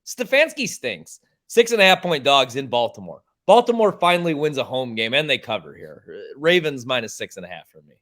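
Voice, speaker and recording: A man's voice: mid-range voice, very animated, fairly quick, fairly bright tone. A man co-hosting a casual sports-picks podcast, ranting in a heated way and swearing freely as he argues his picks. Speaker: podcast co-host.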